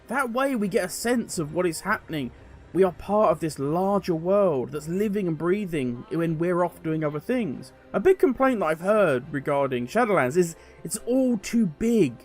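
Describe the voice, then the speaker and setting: Man, high lively voice, sarcastic commentary, animated. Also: moderate pace, faint music behind. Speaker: gaming commentator. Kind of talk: opinionated video commentary.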